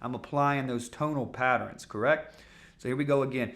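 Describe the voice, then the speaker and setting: Male sales coach, mid-pitched and bright, casual teaching delivery broken up by loud, acted-out call lines. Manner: casual, coaching, fast talk with fillers. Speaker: sales trainer. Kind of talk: sales masterclass lesson.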